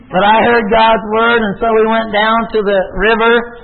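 High-voiced preacher on a tinny line. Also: male voice, flat delivery, moderate pace, a little hiss or hum. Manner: earnest storytelling with rhetorical questions. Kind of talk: sermon with personal testimony.

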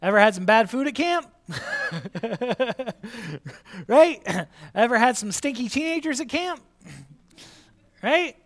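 A man preaching a sermon, animated and conversational, repeating his key line to the congregation. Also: very high voice, slow, pauses often. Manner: conversational, many restarts and asides. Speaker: pastor.

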